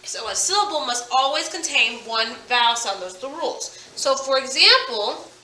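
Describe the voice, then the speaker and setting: A woman teaching a phonics lesson to children, sounding out words slowly and with emphasis. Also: high-pitched, animated, sharp tone, recorded from a distance, slight background noise. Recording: echoey room, voice from off-mic.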